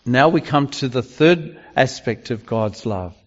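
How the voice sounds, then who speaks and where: A man preaching a sermon in a halting way, with frequent restarts and fillers. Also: mid-range voice, expressive. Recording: dull lo-fi recording with long hall reverb.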